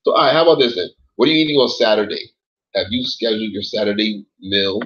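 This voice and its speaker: A man talks loosely through a late-night livestream, rambling, cursing freely, leaning on "like" and "yo." His voice sits a little low with a husky edge. The audio comes through dull and lo-fi. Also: fast talker, a bit bright. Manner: laid-back, rambling, swears a lot, says like and yo often. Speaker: livestream host reading chat.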